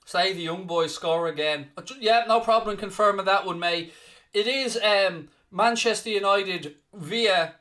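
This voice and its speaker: An Irish man with a Dublin-area accent hosts a live football watchalong, his voice bright and forceful. He teases and mock-scolds viewers over their comments. He reads out the latest scores like a presenter, at a slightly higher pitch than most men. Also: a little slow. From Ireland. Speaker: watchalong host.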